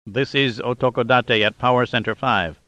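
A man reading a literal-minded robotic male inspector in flat, formal speech. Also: medium pitch, moderate pace, no echo, lo-fi sound, lightly acted.

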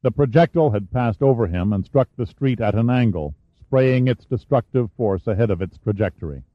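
Man, audiobook narration, steady measured reading, dull muffled audio, dry. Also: on the low side, dry recording. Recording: dull dry studio recording.

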